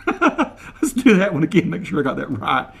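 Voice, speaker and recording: A man from the United States, hosting a casual comedic video to camera, slowly repeating phrases word by word and spelling some out. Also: sits high, huge pitch swings, vocal fry, slightly rough. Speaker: video host.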